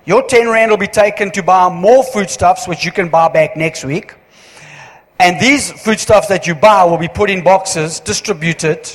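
A man giving church notices as pastor, chatty and joking, with halting restarts. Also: high-pitched. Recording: long hall reverb.

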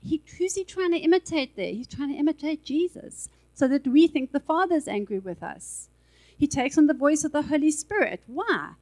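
A woman with a high voice delivers a sermon. She keeps it conversational, full of asides and everyday filler words. She speaks into a handheld microphone in a church. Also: animated, moderate pace, a little mellow, rough recording. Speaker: preacher.

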